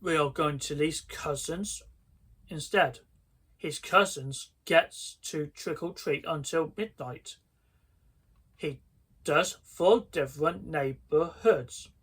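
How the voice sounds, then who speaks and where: A breezy preteen girl in a spooky storybook, quick to brush off her friends and unbothered. A man reads her lines in a bright, slightly husky voice, slow and unhurried. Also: a little high, exaggerated voice. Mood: matter-of-fact.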